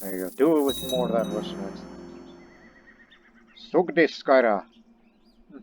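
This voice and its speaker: A man's voice: on the low side, very fast. A man giving casual, rambling commentary while playing a strategy game, thinking aloud as he goes. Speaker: let's play gamer. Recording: dull lo-fi recording with faint game music.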